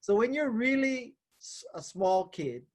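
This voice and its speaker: A man in his fifties, an author guest on a podcast, chats casually, joking, laughing often and poking fun at himself. His voice is extremely high-pitched, animated and a little slow, heard over a noisy crowd.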